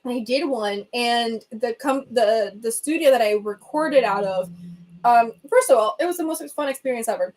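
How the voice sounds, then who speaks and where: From a reading corner at home, this livestream host chats into her phone in a fairly high, slightly mellow, expressive voice. She's a young Venezuelan with a Venezuelan accent and Spanish as her first language, and her bubbly, chatty talk is full of quick asides and laughs.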